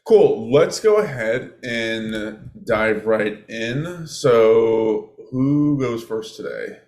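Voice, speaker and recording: Male podcast co-host, joking storyteller, average pitch, roomy sound. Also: lively intonation, extremely slow, a little mellow. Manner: chatty, joking, trails off and restarts. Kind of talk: casual chat, telling a true-crime story. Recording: roomy echo.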